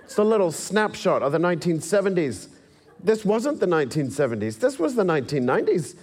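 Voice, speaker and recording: An Englishman with an accent that blends English and American gives a slide presentation to an audience, wry and self-deprecating, laughing now and then as he tells stories. His voice sits high with big pitch swings, a fairly quick pace, and a darkish tone.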